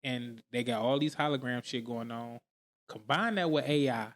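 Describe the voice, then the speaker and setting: A man co-hosting a podcast in casual chat, who gets animated and rises in pitch when pressing a point. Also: moderate pace. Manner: animated, rising excitedly when making a point. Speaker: podcast co-host.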